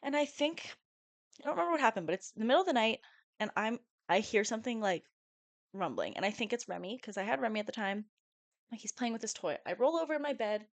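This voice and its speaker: A woman's voice: a little high, quick pace, no room sound. A young woman in her twenties, a podcast co-host, telling a story casually with lots of swearing and acted-out quotes. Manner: animated storyteller, swears often, acts out quotes.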